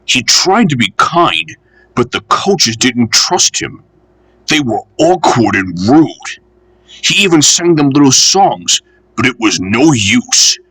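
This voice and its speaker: A man reading a children's railway storybook aloud in an expressive, measured way. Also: medium pitch, no room sound.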